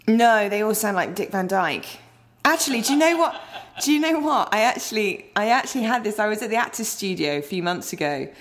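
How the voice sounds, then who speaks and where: A woman's voice: mid-range voice, animated, brisk. A woman with an English accent, chatting as a podcast guest, laughing often and wandering into asides. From Britain. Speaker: interview guest. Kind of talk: casual podcast interview.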